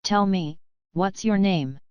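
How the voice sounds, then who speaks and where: A woman reading a calm, commanding king. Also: mid-range voice, clean tone, no room sound, dull audio, lightly acted. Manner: calm, unhurried and formal.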